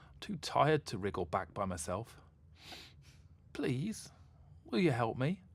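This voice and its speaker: A man's voice: sing-song, takes it slowly, gravelly, slightly rough, full character voice. A man voicing a lonely young mermaid girl in a storybook reading, scornful and whiny. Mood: pleading. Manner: scornful, whiny, high and loud.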